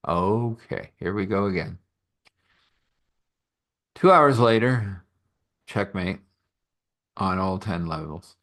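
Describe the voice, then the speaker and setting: A man's voice: on the low side, slow pace, a bit bright. A man telling a story in a loose, conversational way, with chuckling asides. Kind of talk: spoken storytelling.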